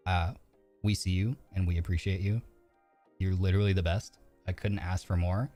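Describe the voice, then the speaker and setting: A man streams live as a virtual streamer, rambling through casual chat with heavy fillers, nervous yet earnest and openly emotional. His voice is deep and dark with a steady tone at normal speed, over faint background music.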